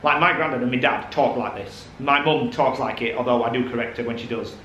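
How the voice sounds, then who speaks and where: A man's voice: mid-range voice, fairly quick, a bit bright, muffled recording. A man co-hosting a casual vlog chat, teasing and laughing often. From South Yorkshire. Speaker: vlog co-host. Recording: echoey room with faint noise.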